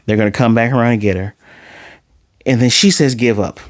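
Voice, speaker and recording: A man casually recapping and reviewing an anime episode, acting out character lines with dramatic, exasperated reactions. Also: mid-range voice. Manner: animated, acts out character lines in quick snippets.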